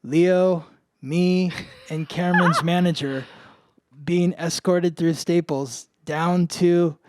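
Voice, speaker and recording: A man's voice: high voice, steady tone, takes it slowly. A man co-hosting a podcast, telling a story in a casual chat full of "like" fillers. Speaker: podcast co-host, astrologer.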